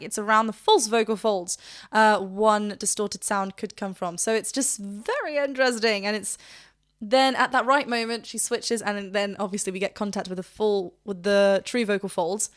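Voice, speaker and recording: A woman vocal coach reacting to a song, gushing and rambling with quick restarts. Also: mid-range voice, fairly bright tone. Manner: breaks into short sung demonstrations. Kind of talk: reaction commentary.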